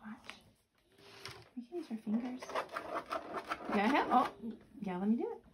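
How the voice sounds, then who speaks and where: A woman's voice: on the high side, big pitch swings, measured pace. A mother patiently coaching her young child through play at home, with encouraging, sing-song speech. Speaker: mother and caregiver. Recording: noisy home recording.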